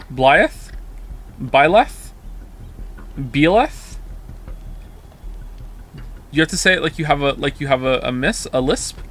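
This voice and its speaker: A man's voice: a little high, a bit bright. A man streaming live, chatting casually and reacting to viewer comments in a rambling way with frequent restarts.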